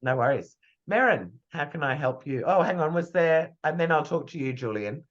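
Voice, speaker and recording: A PR coach with a slightly high voice, lively intonation, and a moderate pace rambles through friendly advice during a live online masterclass Q&A, heard over a muffled video call line. He's chatty and hesitant, thinking aloud with fillers and restarts.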